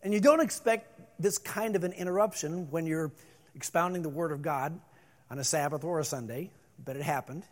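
Middle-aged pastor guy preaching, voice a bit on the high side, goes loud then real quiet. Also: moderate pace. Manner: expressive preaching, swings from loud emphasis to hushed calm. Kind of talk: sermon.

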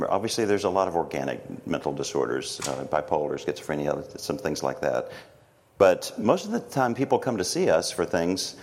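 A middle-aged man, teaching a church class on emotions in a gentle, halting way with many fillers, slowing down softly when he reads prayers. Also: deep voice, a little hiss or hum. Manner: slow and soft when reading prayers. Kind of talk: teaching talk with guided reflection.

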